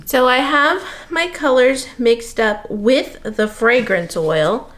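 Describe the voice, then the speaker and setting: A woman's voice: fairly high pitch, expressive, takes it slowly, hardly any pauses, slight background noise. A woman from Missouri giving a casual step-by-step craft demonstration, explaining each step as she works. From Missouri, USA. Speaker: soapmaker demonstrating. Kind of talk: casual tutorial narration.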